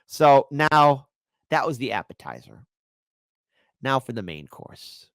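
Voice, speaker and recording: A woman from Chicago hosts a casual online commentary show with a teasing, mocking delivery. Her voice sits low but leaps around in a lively way. The sound is dry and close. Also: slow pace, no room sound. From Chicago, USA. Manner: mocking, playful, bouncy delivery.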